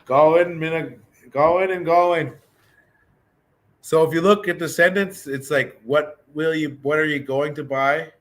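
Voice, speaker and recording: A man teaching a casual beginner language class, talking in a relaxed, chatty way and thinking aloud with frequent restarts. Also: fairly high pitch, a little slow.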